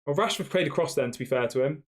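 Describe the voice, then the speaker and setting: A man's voice: a little high, fast talker. A young man casually hosting a football live stream, reading fan chat aloud and answering with lots of fillers and restarts. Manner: conversational, reads chat questions aloud, frequent fillers.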